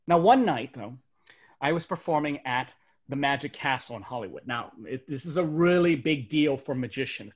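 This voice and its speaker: A man, a magician and speaker in his thirties, telling comic personal stories to a virtual audience on a webcam setup, animated, and dropping to quiet for serious beats. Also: a little high. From Burbank, United States. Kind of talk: stand-up storytelling for a virtual audience.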